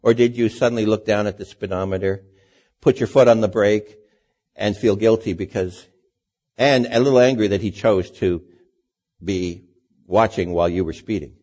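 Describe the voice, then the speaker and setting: A man's voice: fairly low pitch, steady tone, normal speed, a little mellow. A man preaching a sermon in a conversational way, asking his listeners rhetorical questions.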